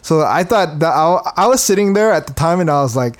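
A man's voice: on the high side, a little fast. A young man co-hosting a podcast, telling a story in a casual way, laughing often and repeating words. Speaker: podcast co-host.

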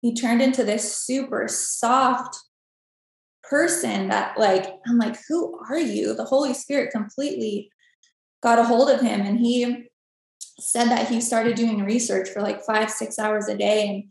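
A woman with a gravelly, creaky voice shares a personal faith testimony as a podcast guest. She tells it vividly and acts out each exchange. The recording rings with heavy room echo. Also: on the high side, unhurried. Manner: animated storytelling, acts out dialogue. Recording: very echoey room.

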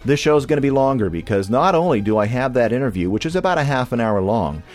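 A man's voice: mid-range voice, animated, fast talker, darkish tone, soft background music. A man from California hosting a podcast in a casual, rambling monologue with many restarts. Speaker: podcast host.

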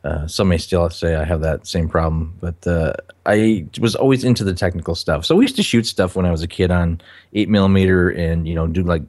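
Middle-aged man from Minnesota, very deep voice, relaxed folksy interview guest. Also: a little fast. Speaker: guest, film director. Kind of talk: casual interview chat.

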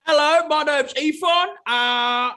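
A man's voice: very high-pitched, lively intonation, normal speed, pushed and bright, exaggerated voice. A man voicing a washed-up male adventurer hooked on healing potions, who talks in a rambling, easygoing way.

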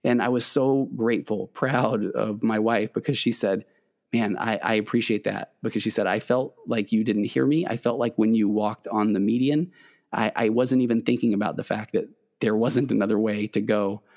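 A middle-aged man who works as a therapist speaks with a fairly low voice. He tells a personal story in an earnest, conversational way, acting out the dialogue between himself and his wife. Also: steady tone, moderate pace, a little mellow. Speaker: therapist and host.

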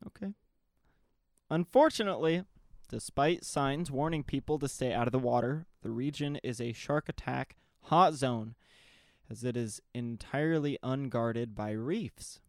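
A man co-hosting a casual chat, reading news stories aloud in a steady, deadpan way and giving short dry replies. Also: medium pitch, measured pace, no room sound. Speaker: podcast co-host reading news.

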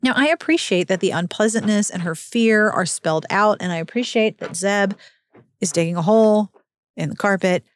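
A woman hosting a book recap podcast, talking in a wry, exasperated, lively way. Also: mid-range voice, dry recording, clean studio sound. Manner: exasperated, wry, animated commentary.

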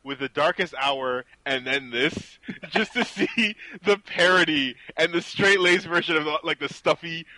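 A man co-hosting a casual film review chat, laid-back and quick to laugh. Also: on the high side, sharp tone, dry recording, low-quality recording. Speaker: podcast co-host reviewing films.

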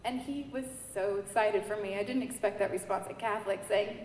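A woman from New York giving a personal faith testimony, telling her story in a lively way and acting out the dialogue. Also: on the high side, fairly quick, few pauses. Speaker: church member giving testimony. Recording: echoey hall with faint noise.

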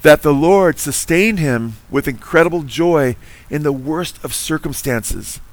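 An earnest man delivers a sermon, pressing his points with emphasis and tossing trivia questions to the congregation. His voice sits a little on the higher side, recorded close and dry with no room echo. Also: animated, a little slow. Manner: earnest, emphatic, quizzes listeners with Bible trivia. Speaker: preacher.

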